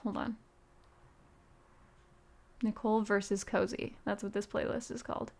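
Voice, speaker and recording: A woman's voice: medium pitch, flat delivery, unhurried, vocal fry, a little mellow. A woman streaming live, chatting casually with her viewers in a rambling way, with many "um"s and "like"s. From United States. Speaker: musician streamer. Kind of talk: casual livestream chat, answering chat.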